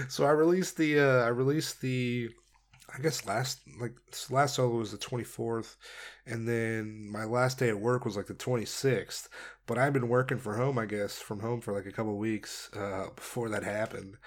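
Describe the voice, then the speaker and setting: A young man telling stories on a casual solo podcast, rambling and laid-back, with many fillers, laughs and swearing. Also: medium pitch. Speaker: podcast host.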